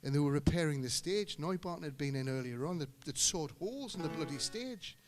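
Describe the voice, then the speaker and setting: A middle-aged singer-guitarist telling rambling, joking stories between songs at a live gig. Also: male voice, a little high, expressive, brisk. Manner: joking, anecdotal storyteller. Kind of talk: rambling stage banter. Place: live music venue on stage. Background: guitar music.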